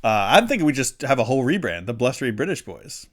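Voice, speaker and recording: A man's voice: mid-range voice, big pitch swings, fast talker, fairly bright tone. A man hosting a casual live-streamed talk show, playful and jokey, laughing often between lines. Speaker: podcast host.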